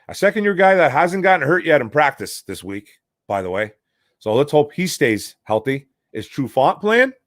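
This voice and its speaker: Michigan sports talk host, frustrated rambling delivery, dry close sound. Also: male voice, medium pitch, no room sound. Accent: Detroit, Michigan. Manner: frustrated, rambling, calls listeners bro and man. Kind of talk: casual sports talk, reading chat questions.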